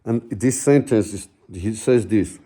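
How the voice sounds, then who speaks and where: A middle-aged man telling a personal story slowly and haltingly, searching for words with many fillers. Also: fairly low pitch, warm tone, slightly rough. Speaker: guest telling his own story.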